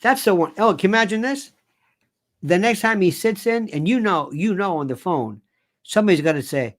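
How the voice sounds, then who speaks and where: A man's voice: high-pitched, expressive, fairly quick. An older man hosting an opinion commentary monologue, sarcastic and digressive in his delivery. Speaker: commentary host.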